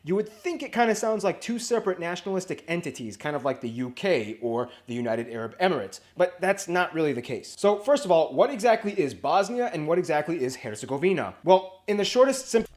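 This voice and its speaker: A man's voice: fairly high pitch, lively intonation, brisk, few pauses, a little mellow. A man narrating an educational geography video in an upbeat, jokey way. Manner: playful, jokey asides.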